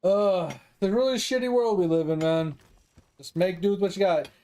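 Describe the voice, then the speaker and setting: A man's voice: high voice, normal speed, warm tone, smooth. A man chatting casually with his stream viewers, rambling and swearing freely, breaking into laughs often. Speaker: gaming streamer.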